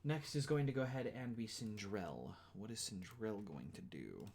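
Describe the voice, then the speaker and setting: A low-voiced man running a tabletop game as game master, casual and full of fillers. His pitch moves a lot, and a faint noise sits under his voice. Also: animated, normal speed, darkish tone. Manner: casual, filler-heavy, apologetic.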